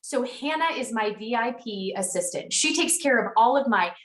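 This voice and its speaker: A woman in her thirties leads a motivational sales team call, chatty and frank with an encouraging push. Her voice sits a bit high. She sounds distant from the mic, in a room with a lot of echo. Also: animated, moderate pace, a bit bright.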